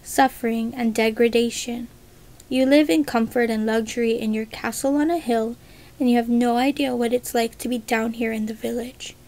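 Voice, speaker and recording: A woman's voice: fairly high pitch, fairly even intonation, moderate pace, a little mellow, natural voice. A woman voicing a defiant, proud young village man who speaks boldly and mockingly in a storybook reading. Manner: bold, mocking.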